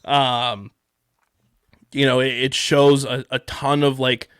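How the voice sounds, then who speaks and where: A man's voice: mid-range voice, flat delivery, takes it slowly, a bit bright, clear, resonant tone, no echo, clean studio sound. A man from the Philadelphia area co-hosting a podcast, talking about a TV show in a casual, rambling way with lots of fillers and restarts. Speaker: podcast co-host. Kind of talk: casual show review chat.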